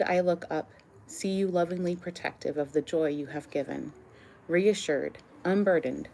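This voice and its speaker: Low, gravelly-voiced woman reading poetry. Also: warm tone. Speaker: poet reading her own work. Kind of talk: slow, tender poetry reading.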